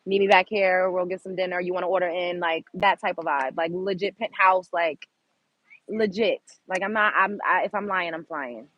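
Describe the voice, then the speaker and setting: A woman's voice: on the low side, fairly even intonation, moderate pace, highs cut off. A woman from Brooklyn, hosting her own show and ranting bluntly and profanely at her chat. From Brooklyn, New York. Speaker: show host. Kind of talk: unscripted commentary to a live chat.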